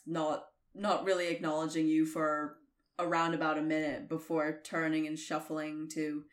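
A woman's voice: low-pitched, roomy sound. A woman narrating as game master, giggly and rambling, swearing freely.

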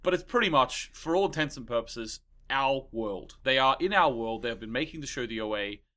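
A man's voice: mid-range voice, animated, a little fast, sharp tone. A man hosting a podcast in casual chat, explaining eagerly and checking that his co-host follows.

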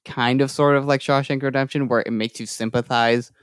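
A man's voice: medium pitch, steady tone, fairly quick, clean tone, no echo, clean studio sound. A man co-hosting a casual film discussion, easygoing, often saying "like" and "kinda". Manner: easygoing, says "like" and "kinda" a lot. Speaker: podcast co-host.

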